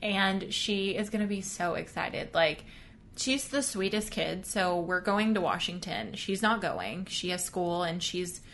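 A young woman from Texas, co-hosting a podcast in casual, excitable chat, laughing and swearing freely. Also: medium pitch, a little slow, a little hiss or hum. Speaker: podcast co-host.

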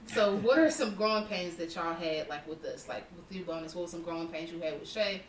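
A young woman hosts a family chat and asks questions in a relaxed, casual way. Her voice sits at a middle pitch and is picked up from far off, with room echo and clear hiss. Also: brisk. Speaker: host, daughter asking questions. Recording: roomy, distant mic, clear hiss.

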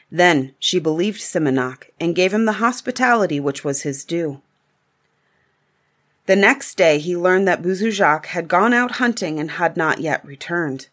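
Lady reading an old fairy tale, calm and even, lowish voice. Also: unhurried. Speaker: storyteller. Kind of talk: storybook reading.

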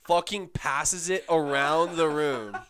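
A young man in casual chat, telling an animated story and swearing freely. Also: on the high side, slow pace, smooth, no room sound, clean studio sound.

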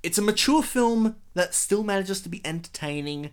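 Guy on a film podcast, rambly and animated, keeps painting little scenes, swears a bit. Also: sits high, normal speed. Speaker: podcast co-host reviewing films. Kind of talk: casual film review chat.

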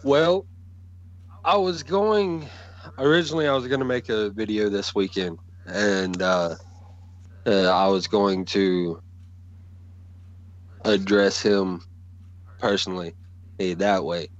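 Slow, profane man. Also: on the low side, fairly even intonation, dull audio. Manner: profane, blunt, trash-talking. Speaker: guest wrestling promo performer. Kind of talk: casual podcast chat.

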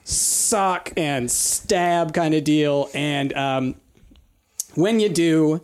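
Rambling male game master, slightly high. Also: very slow, clear, resonant tone. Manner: rambling, many fillers and restarts. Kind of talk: narrating a tabletop game.

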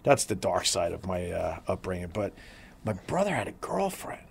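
A middle-aged man, co-hosting a podcast, telling family stories in casual chat with plenty of swearing and sudden loud laughs. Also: low-pitched, sing-song, moderate pace, creaky, slight background noise. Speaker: podcast co-host.

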